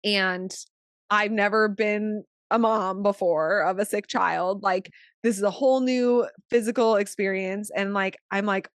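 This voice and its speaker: A woman co-hosting a podcast, a new mother telling a story in a casual, chatty way, full of "like" and swinging between hushed and excited. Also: medium pitch, a little slow, no room sound, clean studio sound. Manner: chatty, fills speech with "like"; animated, shifting from hushed to excited. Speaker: podcast co-host.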